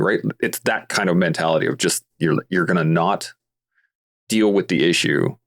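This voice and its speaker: A man with a very deep, low voice talks through his ideas on a podcast, earnest and steady. He grew up in Canada and explains things with simple everyday comparisons. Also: moderate pace. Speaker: podcast guest, veteran advocate. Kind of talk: casual podcast conversation.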